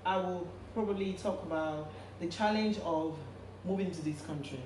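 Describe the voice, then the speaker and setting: A woman's voice: on the low side, moderate pace, darkish tone. A woman in her forties from Nigeria with a Nigerian accent, a guest telling her story in a casual interview, reflective, restarting her sentences often. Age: 40s. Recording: echoey room with background noise.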